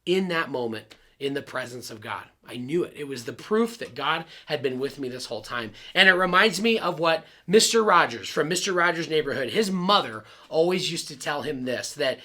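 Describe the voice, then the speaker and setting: Man, pastor, personal story sermon, earnest and confiding, very bright tone, slightly high pitch. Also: animated, normal speed, hardly any pauses. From Arizona. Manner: earnest, confiding, addresses listeners directly.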